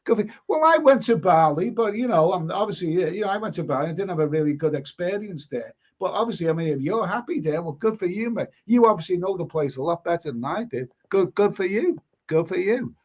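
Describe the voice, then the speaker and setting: On a lo-fi, dull-sounding stream, an older Liverpool man reads viewers' comments in a fairly high, animated voice. His casual chat runs a little fast with hardly any pauses, full of rambling, repetition and blunt swearing.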